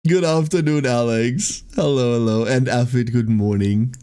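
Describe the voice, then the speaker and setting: A man's voice: medium pitch, moderate pace, few pauses, dark tone, smooth. A young man livestreaming, venting casually to his viewers in a rambling way, with lots of "like" and swearing.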